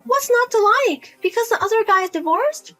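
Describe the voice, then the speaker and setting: A woman's voice: extremely high pitch, animated, normal speed, a bit bright, faint music behind. A woman playing a pushy, self-pitying widowed mother who keeps guilt-tripping her daughter and asking for money, in a narrated drama. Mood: nagging. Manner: nagging, whiny, guilt-tripping.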